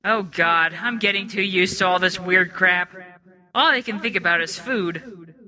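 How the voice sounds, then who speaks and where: A woman playing a bright, sarcastic grump. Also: fairly low pitch, measured pace. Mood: tired. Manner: sarcastic, irritable, swearing. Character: grumpy, foul-mouthed young woman, sarcastic.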